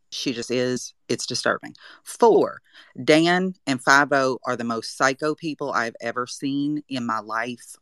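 A woman's voice: extremely low pitch, fairly bright tone, no room sound. Emphatic Southern woman listing opinions. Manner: brisk, counts points off one by one, emphatic. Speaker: caller in a live audio chat. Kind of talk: casual reality-show reaction.

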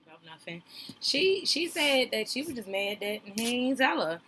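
A woman's voice: a little high, very animated, moderate pace, sharp tone, husky. A woman giving casual, playful reaction commentary on a reality show, talking straight to her viewers in a slangy, chatty way. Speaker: reaction streamer.

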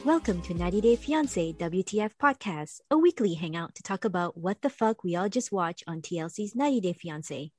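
A woman's voice: lowish voice, lively intonation, fairly quick, few pauses, a little mellow, soft background music. A woman hosting a casual podcast, chatty and playful, laughing easily. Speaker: podcast host.

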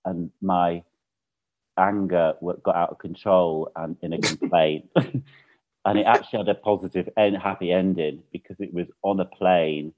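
A man's voice: low-pitched, fairly even intonation, moderate pace. British man telling a story over a phone-like line. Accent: British English. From Britain. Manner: chatty storyteller, laughs often. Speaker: guest. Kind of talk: casual chat, anecdote. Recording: phone-like narrow sound.

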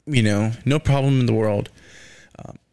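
Gravelly-voiced man rambling on his podcast. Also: medium pitch, normal speed, dark tone, dry recording. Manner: rambling, profane, says "man" and "you know" a lot. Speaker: podcast host. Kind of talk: casual solo podcast rant.

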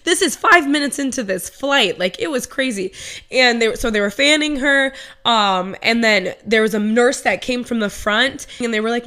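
Twenties podcast girl telling a story, super chatty and animated, clear bright voice. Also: a little high, a little fast. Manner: animated, lots of "like" and "um", acts out reactions. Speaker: podcast host. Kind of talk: casual solo storytelling.

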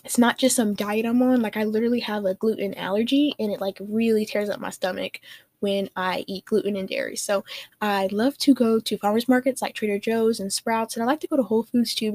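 A young woman hosts her own podcast in a loose, casual chat. She gushes in a bubbly way and leans on "like" as she talks. Her voice sits at a middle pitch and sounds dry and close. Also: a little mellow, no room sound. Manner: bubbly, gushing, heavy use of "like". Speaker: podcast host.

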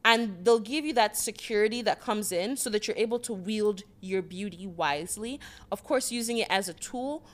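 A woman's voice: mid-range voice, normal speed, hardly any pauses. A woman co-hosting a podcast, giving playful, slangy advice in casual chat. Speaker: podcast co-host.

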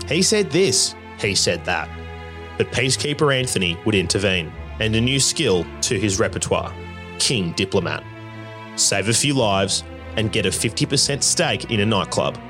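A man with a fairly low voice reads scripted documentary narration. He delivers short, wry, punchy lines. Music plays clearly beneath him. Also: expressive, normal speed.

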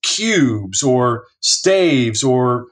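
A man's voice: mid-range voice, extremely slow. A man who works as a distiller, telling stories conversationally and acting out what other people said. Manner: animated storyteller, acts out other people's lines. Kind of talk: conversational storytelling.

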